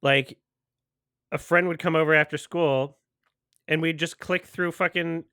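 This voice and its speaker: A man's voice: fairly high pitch, fairly even intonation, a little slow, pushed and bright, clean tone, dry recording, studio quality. A man hosting a movie watch-along, rambling in loose casual commentary, often restarting and laughing.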